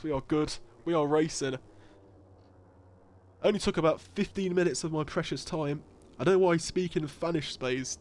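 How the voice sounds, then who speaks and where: This league stream host speaks at a moderate pace in a slightly high voice. Loose and jokey, he swears plenty, laughs a lot, chats freely, and reads out messages from chat during his casual commentary.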